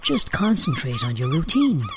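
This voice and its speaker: A man voicing an encouraging father gannet who coaches slowly and soothingly. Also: very high-pitched, huge pitch swings, noisy background, voice pushed up, exaggerated voice.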